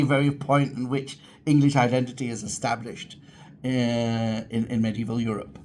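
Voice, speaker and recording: A man's voice: mid-range voice, little pitch movement, normal speed, darkish tone, a little hiss or hum. A man hosting his own channel, talking casually and enthusiastically about history and his heritage, rambling with frequent restarts. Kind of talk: casual talk to camera.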